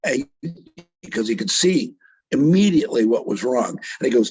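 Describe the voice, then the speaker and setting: A man's voice: mid-range voice, animated, moderate pace, a little mellow, husky, no echo, muffled recording. A middle-aged man, a doctor and author, telling a story in an interview with earnest feeling and acting out the voices of the people in it. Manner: vivid retelling that acts out quoted speech; earnest, emotionally moved.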